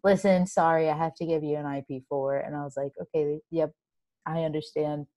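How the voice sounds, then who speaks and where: A woman's voice: deep voice, fairly quick, dry recording. A young woman co-hosting a casual chat, telling a long story with lots of fillers and restarts. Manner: animated, run-on storytelling with many fillers. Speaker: co-host.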